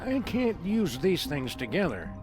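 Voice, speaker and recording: A man voicing a calm, upright dog detective in a video game, speaking in polite, measured, wordy phrases. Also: a little high. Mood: dry. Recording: game audio under music.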